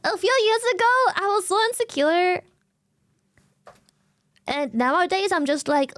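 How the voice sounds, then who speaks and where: A woman with a German accent, a native German speaker chatting casually on stream in an animated, slangy way with plenty of swearing. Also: very high voice, a little slow, long pauses, no echo, studio quality.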